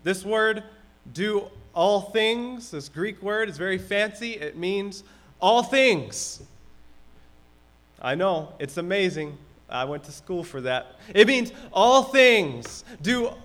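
A man's voice: sits high, takes it slowly, a bit bright. A man pastor preaching a sermon in a conversational way, acting out everyday complaints.

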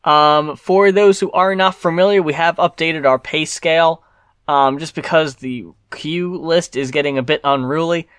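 A man hosting an album review podcast, speaking in a measured, matter-of-fact way as he gives a rating and signs off the show. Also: a little high, steady tone, a bit bright, clear, resonant tone, dry recording, studio quality. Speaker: podcast host. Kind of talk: casual chat and show sign-off.

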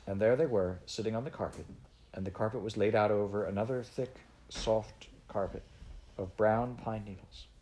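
A man reading a children's novel aloud in an unhurried, gently expressive way. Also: fairly low pitch. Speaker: audiobook reader.

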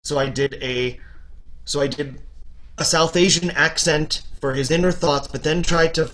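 A man's voice: fairly high pitch, normal speed. A man from Canada, an audiobook narrator, chatting as a guest and telling stories with lots of restarts. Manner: rambling, many restarts, animated when telling stories. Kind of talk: casual interview chat.

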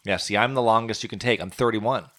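A man's voice: lowish voice, fast, a bit bright. A man in his late twenties co-hosting a podcast, rambling casually with lots of "like". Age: late 20s. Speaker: podcast co-host. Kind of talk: casual chat.

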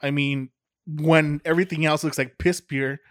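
A man with a fairly high voice riffs through a casual beer-tasting chat, loose and jokey and swearing all the time. The sound is dry and close, with no room around it. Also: steady tone, normal speed, no echo. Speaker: podcast co-host.

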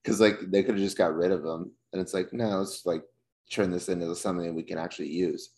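A man's voice: sits low, steady tone, fairly quick, darkish tone. A man co-hosting a podcast in casual chat, laid-back and swearing, steering the conversation along. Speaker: podcast co-host.

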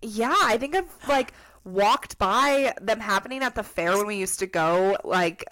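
With a mid-range, slightly bright voice and a measured pace, this young Colorado woman co-hosts a podcast. Her talk is chatty and upbeat, peppered with "like" and "literally."

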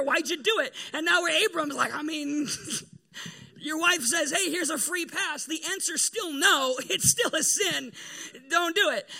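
A man's voice: very high voice, vocal fry, bright, forceful tone. A man preaching a casual sermon to a room of people, laid-back and joking, with slang and fillers. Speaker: pastor. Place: room with a gathered group.

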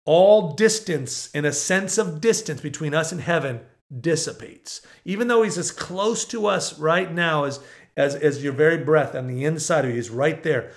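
Man, preacher, fervent sermon, high-pitched voice, loud-to-hushed swings. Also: normal speed.

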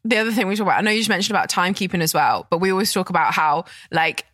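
A woman in her twenties hosts a podcast, talking fast in a lowish voice. She asks her questions quickly and keeps her guest going with encouraging yeahs. The recording is dry and close. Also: a bit bright, dry recording. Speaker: podcast host. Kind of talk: casual interview chat.

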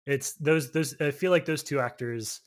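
A man's voice: medium pitch, normal speed. A man co-hosting a casual film podcast, giving thoughtful, analytical comments. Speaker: podcast co-host.

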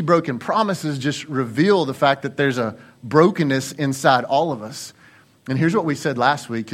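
A male lead pastor preaching a sermon in an earnest, conversational way, repeating phrases for emphasis. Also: a little high.

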